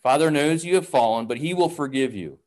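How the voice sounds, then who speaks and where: Guy reading gentle eldest brother, soft and patient, pitch still moves around, storybook. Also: animated, brisk, lightly acted.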